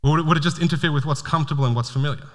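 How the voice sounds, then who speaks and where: A man's voice: on the high side, rapid-fire, a bit bright. A man preaching a sermon as a pastor, earnest, often repeating his first words as he starts a sentence. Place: church hall. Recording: long hall reverb.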